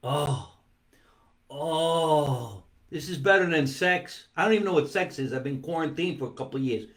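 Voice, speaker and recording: Animated man hosting a comic show. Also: fairly high pitch. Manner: animated, playful, drawn-out emphasis on words; talks while eating. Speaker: comedy talk show host. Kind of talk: live-streamed comic monologue. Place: home basement.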